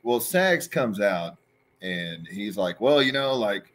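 A man's voice: on the low side, animated, a little slow, fairly bright tone. A man hosting a casual interview, chatty, laughing easily and prompting his guest for stories. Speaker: host.

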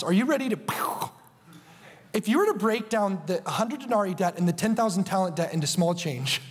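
A man preaching a sermon as a TV show host, telling the story in an animated, playful way with asides. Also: high voice, in a large hall.

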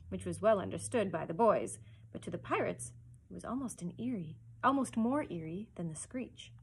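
A woman librarian reading a children's chapter book aloud with expressive storytelling narration. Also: medium pitch, husky.

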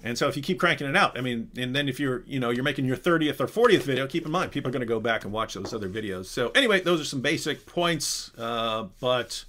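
Bright, animated male live-stream host. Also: mid-range voice, fast, few pauses. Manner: animated, chatty, frequent restarts and asides. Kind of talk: casual live Q&A chat.

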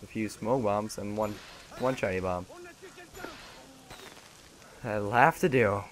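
A man's voice: lowish voice, takes it slowly, pauses often. A man giving casual, joking gameplay commentary and talking back to the game's characters. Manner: joking, chatty, talks back to game characters. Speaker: let's play gamer.

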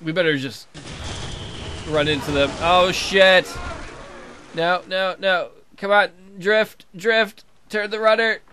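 A man's voice: high-pitched, slow pace, slight background noise. A man giving casual, profane, sarcastic commentary while playing a video game. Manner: swears a lot, excitable, sarcastic. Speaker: let's play gamer.

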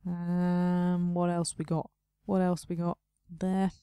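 A young woman chats her way through a game, muttering to herself and poking fun at her own mistakes. Her voice is mellow and soft-edged, recorded close and dry with no room sound. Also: fairly low pitch, completely flat delivery, slow pace, smooth, no room sound. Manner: chatty, self-mocking, talks to herself while playing. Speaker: let's play host. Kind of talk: casual gameplay commentary.

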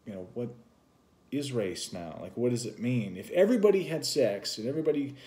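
A man's voice: medium pitch, lively intonation, fairly quick, dark tone. A man co-hosting a vlog, talking casually and musing at length in a loose, rambling explanation. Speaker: vlog co-host.

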